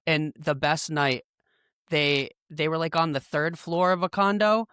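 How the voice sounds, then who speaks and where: A man's voice: on the high side, a little slow, fairly bright tone, clean tone, no room sound, studio quality. A young man hosting a podcast, chatting in a laid-back, rambling way full of "like" and "bro.". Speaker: podcast host. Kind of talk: casual chat.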